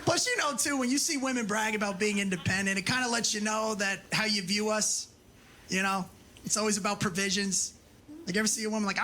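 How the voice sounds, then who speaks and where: A male stand-up comedian with a high voice works a club stage, brash, profane and mocking, shouting for his punchlines. The live room noise of the crowd is clearly audible under his handheld mic. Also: animated, brisk.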